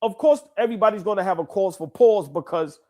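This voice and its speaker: A man's voice: high voice, fast, darkish tone. A man co-hosting a casual basketball talk show, emphatic and repetitive, his voice stuffy from congested sinuses. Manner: emphatic, repeats himself, calls sinuses bad. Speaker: co-host.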